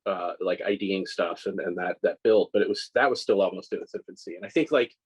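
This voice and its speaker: A man in his forties talks in a loose, rambling way, circling back and restarting as he tells stories. His voice sits a little low, and he often makes fun of himself. It is a casual, conversational interview. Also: fairly quick, husky, low-quality recording. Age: 40s. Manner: rambling, self-deprecating storyteller with many restarts and laughs. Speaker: scale model maker, guest.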